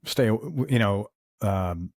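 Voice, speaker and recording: A man hosting a casual interview, supportive and halting, giving short affirmations. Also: on the low side, animated, a little mellow. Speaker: interview host.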